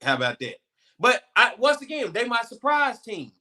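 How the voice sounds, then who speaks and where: A man's voice: very high-pitched, very animated, moderate pace, pushed and bright. A man co-hosting a sports talk show, speaking casually and folksily.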